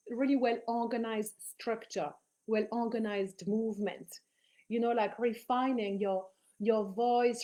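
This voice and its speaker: A woman's voice: fairly high pitch, warm tone. A woman giving an earnest spiritual teaching talk, stressing her points by repeating phrases.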